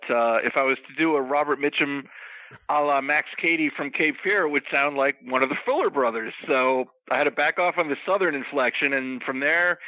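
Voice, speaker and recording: A man's voice: medium pitch, bright, forceful tone, dry recording, low-quality recording. A man talking wryly as a podcast guest. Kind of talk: casual podcast chat.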